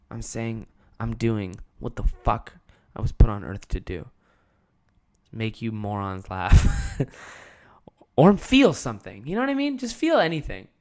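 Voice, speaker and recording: A young man hosting his podcast solo, telling a childhood story with lively swearing and acted-out quotes. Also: medium pitch. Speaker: podcast host and comedian.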